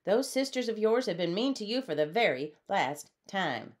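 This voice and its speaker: A woman voicing a gentle, refined female armadillo who is a fairy godmother, speaking properly and kindly. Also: mid-range voice, sing-song, moderate pace, lightly acted.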